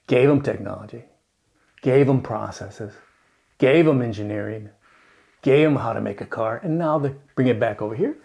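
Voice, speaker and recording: A channel host with a medium-pitched voice and vocal fry gives a casual opinion talk. He's animated and joking, rambling off into asides.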